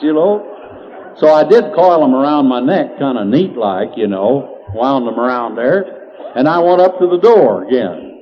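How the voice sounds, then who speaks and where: A man's voice: on the high side, a little mellow. Older folksy man spinning yarns. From Indiana, USA. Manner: drawling, chuckles at his own punchlines. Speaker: country humorist. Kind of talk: folksy comedic storytelling. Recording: dull lo-fi 1990s tape with faint hiss.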